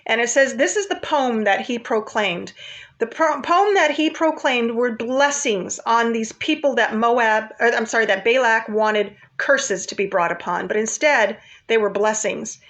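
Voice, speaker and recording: A woman's voice: a little high, unhurried, fairly bright tone. A woman casually retelling a Bible story in a chatty, informal way, with asides to her viewers.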